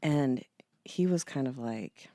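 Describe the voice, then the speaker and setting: A woman's voice: extremely low pitch, animated, slow pace, creaky, mellow, no echo, clean studio sound. A young adult woman co-hosting a podcast, chatting casually with a playful, teasing manner. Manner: playful, teasing, laughs often. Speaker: podcast co-host. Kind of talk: casual chat.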